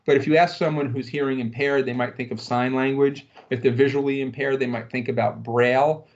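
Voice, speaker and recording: A man's voice: mid-range voice, highs cut off. A man leading an online workplace training session, talking in a loose conversational way with fillers and rhetorical questions. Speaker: corporate trainer.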